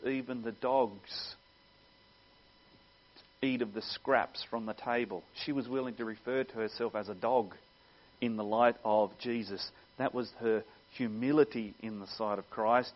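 A man preaching a sermon, earnest and teaching, with wry asides. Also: mid-range voice. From Australia. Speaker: pastor. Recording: dull lo-fi sound.

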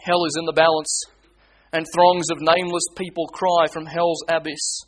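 Impassioned high-voiced male preacher. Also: flat delivery, moderate pace. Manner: impassioned preaching, swings from hushed pleading to loud urgent appeals. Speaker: pastor. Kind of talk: sermon.

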